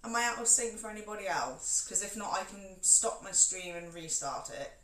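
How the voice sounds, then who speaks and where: A woman's voice: mid-range voice, animated, moderate pace, fairly bright tone. A woman chatting to her live-stream viewers while she cooks at home, joking about herself as she moves around the kitchen. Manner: chatty and self-mocking, talks to viewers while moving around. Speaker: cooking streamer. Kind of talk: casual live-stream chat while cooking. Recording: roomy kitchen, far from mic, background noise.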